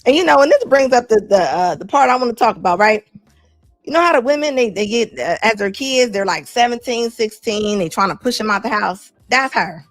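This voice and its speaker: A woman host riffing on clips in casual reaction commentary, animated and incredulous, with slangy, fired-up delivery. Her voice sits a little high and sounds dry and close, with faint music behind her. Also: fairly quick, no echo.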